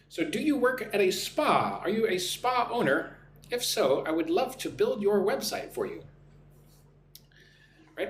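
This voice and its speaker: A man from the United States hosting a live online English lesson, greeting viewers by name and drilling phrases for them to repeat. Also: on the high side. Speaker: English teacher and live stream host. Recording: echoey room, faint hum.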